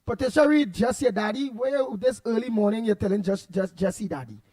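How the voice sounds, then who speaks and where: His voice sits high and warm, moving a little fast. He's a Trinidadian call-in radio host from Trinidad and Tobago, telling stories in Creole with many repeated words.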